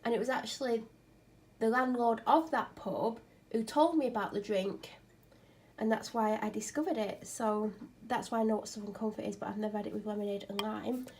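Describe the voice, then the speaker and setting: A woman's voice: on the high side, brisk, darkish tone. A woman vlogging at home on a clip-on mic, ill and tired, chatting in a rambling, self-mocking way. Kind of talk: casual chat. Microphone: clip-on microphone.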